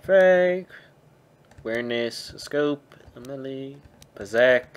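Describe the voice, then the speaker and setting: Casual swearing game streamer. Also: male voice, medium pitch, lively intonation, slow, smooth. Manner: casual, profane, muttering to himself. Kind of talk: live gameplay commentary.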